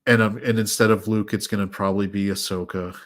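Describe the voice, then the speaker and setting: Low-voiced sarcastic man hosting a chat. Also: little pitch movement, quick pace. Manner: rambling, sarcastic, laughs often. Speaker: podcast host. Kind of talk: casual chat.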